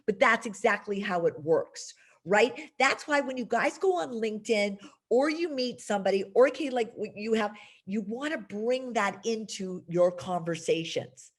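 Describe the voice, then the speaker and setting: A woman's voice: mid-range voice, expressive, moderate pace, slightly rough. Chatty, emphatic woman coaching students. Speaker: career coach and instructor. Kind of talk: lively teaching to a class.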